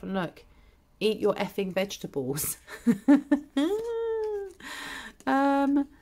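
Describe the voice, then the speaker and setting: Gravelly-voiced woman giving a tarot reading. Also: lowish voice. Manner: blunt, chatty, with cheeky mild swearing. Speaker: tarot reader.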